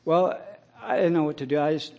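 A middle-aged man preaching a sermon, telling a personal story in a plain way and breaking into loud, impassioned scripture quotes. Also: on the high side, fairly quick, vocal fry. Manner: rises to loud impassioned preaching, then drops to quiet storytelling.

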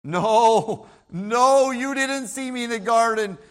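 A man acting out a frightened man who denies again and again, loud and emphatic. His raised voice sits high in pitch and presses each word hard. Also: lively intonation, slow pace, heavily acted. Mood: insistent denial.

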